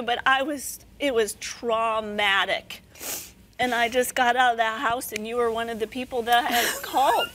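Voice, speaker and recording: A woman guest giving an earnest, emphatic faith testimony with a slightly hoarse, damaged voice. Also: fairly high pitch, moderate pace, fairly bright tone. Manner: earnest, emphatic, preacher-like cadences.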